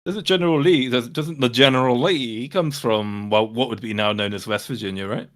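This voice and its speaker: A man chatting casually as a stream guest, animated and swearing freely. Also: mid-range voice, brisk. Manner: animated, swearing, laughing easily. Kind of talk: casual chat.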